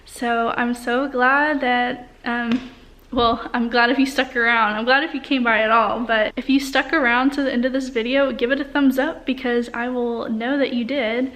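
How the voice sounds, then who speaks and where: A young woman teacher vlogging from her classroom, talking casually and rambling with plenty of "like" and "um". Her voice sits a little high. She chats to the camera as if to a friend. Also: steady tone, moderate pace, fairly bright tone. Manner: chatty, rambling with many fillers. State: out of breath at times. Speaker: high school art teacher. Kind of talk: casual vlog talk to camera. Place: empty school classroom indoors.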